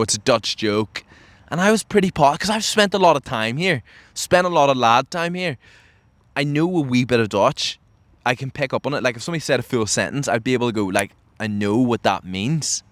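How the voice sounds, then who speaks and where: A man's voice: mid-range voice, no echo. Young man telling a story. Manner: animated storyteller who acts out quotes, many fillers. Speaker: podcast host. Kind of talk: casual storytelling rant.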